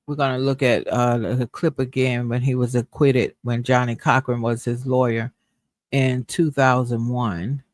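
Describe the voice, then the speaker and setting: A man's voice: medium pitch, flat delivery, a little slow, dry recording. Man musing on a livestream. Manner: musing, conversational, thinks aloud. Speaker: livestream host. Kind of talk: live commentary.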